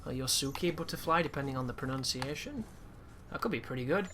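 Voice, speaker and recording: A man's voice: mid-range voice, lively intonation, fast, background noise. A man chatting through a game, reacting live and swearing at times. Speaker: gaming commentator. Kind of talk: casual gameplay commentary. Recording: loud game music behind.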